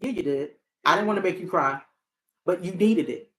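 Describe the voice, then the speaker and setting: A woman's voice: on the low side, normal speed, fairly bright tone. A woman therapist and hotline counselor in a casual, reflective monologue, talking earnestly and often repeating her key phrases.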